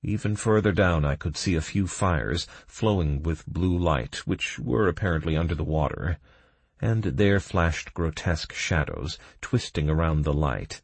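Male narrator, low voice, husky, dry close recording, first-person fantasy audiobook. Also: lively intonation, measured pace, dry recording.

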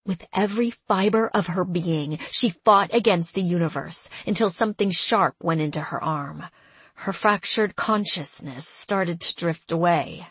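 Woman narrator for an audiobook; measured and steady, low-pitched, dry close sound. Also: husky, dry recording. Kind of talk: scripted narration.

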